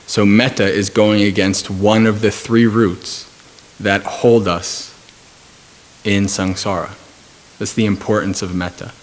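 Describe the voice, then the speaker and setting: A man with a fairly low voice, speaking as a Buddhist monk at a retreat. He gives his dharma talk calmly and at a measured pace. He often pauses and fills the gaps with soft hesitations while he tells a story. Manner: calm, measured storytelling with frequent pauses and fillers.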